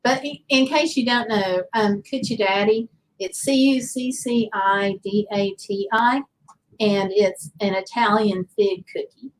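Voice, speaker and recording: A woman's voice: medium pitch, measured pace, rough recording. Chatty Southern woman livestream host. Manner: chatty, rambling, reads chat comments aloud. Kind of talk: casual livestream chat, reading viewer comments.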